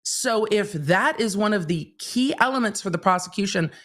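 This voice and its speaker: A woman's voice: medium pitch, lively intonation, normal speed, fairly bright tone. A woman hosting a casual livestream, recapping a trial in a chatty way, acting out quotes as she retells them. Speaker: legal commentator and livestream host.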